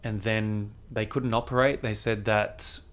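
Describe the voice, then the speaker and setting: Man, fairly low pitch, young adult, podcast guest, animated storytelling, lots of "like". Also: unhurried. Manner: animated, frequent "like" fillers, swears casually. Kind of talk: casual storytelling in conversation.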